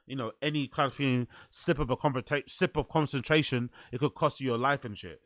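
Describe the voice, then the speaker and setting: A man's voice: medium pitch, fairly even intonation, brisk, fairly bright tone, dry recording. A man hosting a stream, reacting to a podcast clip with incredulous, mocking, profane commentary. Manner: incredulous, mocking, swears a lot.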